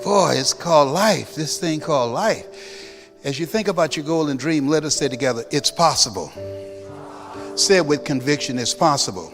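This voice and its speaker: A man's voice: fairly high pitch, fairly quick. A man giving a motivational speech, telling a story, then leading the audience in call-and-response. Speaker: motivational speaker. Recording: long hall reverb with clear music underneath.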